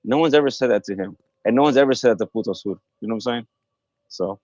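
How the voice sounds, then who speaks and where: A man's voice: medium pitch, fast, a little mellow, dry recording, muffled recording. A man taunting and mocking another guest, calling in to a heated livestream panel. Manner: taunting, mocking, repeats jabs. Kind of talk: heated insult exchange on a livestream. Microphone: phone call.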